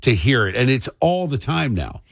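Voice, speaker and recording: A man's voice: medium pitch, moderate pace, creaky, husky, dry recording. A middle-aged man hosting a morning radio talk show, telling rambling stories and ranting. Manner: rambling, animated storyteller who rants. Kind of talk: morning radio banter and commentary.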